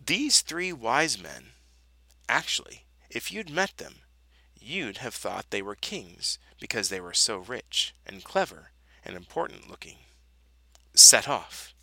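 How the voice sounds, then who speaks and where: Slow, bright-voiced man reading a storybook. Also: mid-range voice, dry recording, low-quality recording. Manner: expressive, dramatic storybook delivery. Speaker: storybook reader. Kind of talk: reading a children's Bible story aloud.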